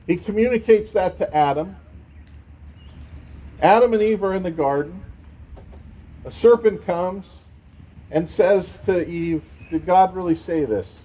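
Mellow-voiced man preaching a sermon. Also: on the high side, lively intonation, a little slow, pauses often, husky, poor audio. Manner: conversational preaching with asides. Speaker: pastor.

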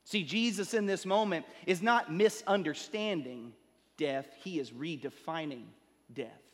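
High-voiced preacher man in a reverberant hall. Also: fairly bright tone. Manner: builds up with rising emphasis, then drops low and slow. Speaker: pastor. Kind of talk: sermon. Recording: long reverb of a large hall.

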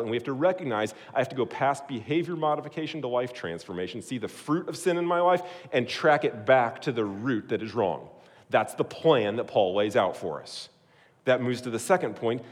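A man preaching a sermon as pastor, animated, swinging from loud emphasis to hushed prayer. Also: medium pitch. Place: church hall. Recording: preached in a hall with long reverb.

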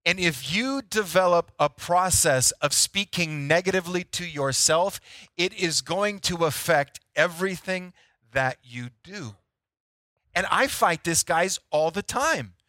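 A man's voice: sits high, expressive, a little slow, sharp tone, dry recording. A man preaching a sermon as pastor, talking to the congregation in a conversational, self-deprecating storytelling way.

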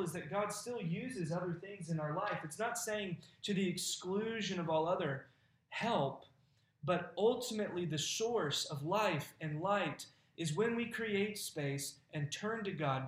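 A man's voice: sits high, reverberant. A man preaching a sermon as pastor, conversational and folksy, laughing now and then.

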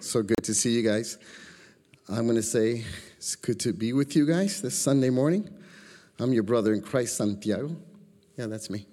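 A man's voice: medium pitch, normal speed, long pauses, mellow, in a large hall. A man preaching a casual, joking sermon in a church and inviting the congregation to answer back. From Chicago. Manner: joking, conversational, asks for call-and-response. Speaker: guest preacher. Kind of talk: informal sermon. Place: church sanctuary.

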